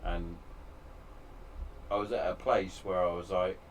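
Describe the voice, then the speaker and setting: Speaking from his home shed, a podcast host with a low, level voice talks unhurriedly and candidly about hard times. The lo-fi recording carries a little hiss or hum, and his casual, emotional chat is full of swearing.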